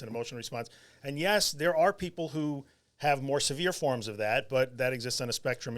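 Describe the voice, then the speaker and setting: A man co-hosting a relaxed wellness podcast. He talks in an animated, joking way and loops back on his own words as he explains. His pitch sits in an ordinary middle range. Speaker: podcast co-host. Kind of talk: casual chat.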